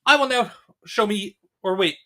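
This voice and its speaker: Host dude, high and bright, chatty and upbeat. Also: male voice, normal speed. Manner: upbeat, talkative, laughing. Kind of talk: casual chat.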